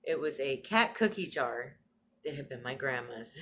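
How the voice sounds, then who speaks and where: A woman's voice: rumbling low, expressive, measured pace, a bit bright. A middle-aged woman recording herself on a phone, sharing family memories in a tender way that moves between small laughs and tearing up. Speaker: vlogger. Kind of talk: personal reminiscence to camera.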